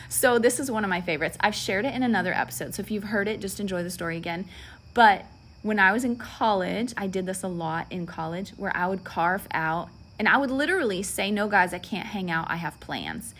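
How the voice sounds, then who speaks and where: Woman, 30s, solo faith podcast host, animated storyteller who acts out quoted voices, faint background hum. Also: mid-range voice. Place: alone at home.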